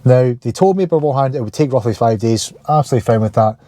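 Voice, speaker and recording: A man's voice: medium pitch, quick pace, mellow, no room sound. A man with a Scottish accent in a casual car vlog to camera, talking in chatty, jokey rants while driving and visiting a dealership. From Scotland. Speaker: car vlogger.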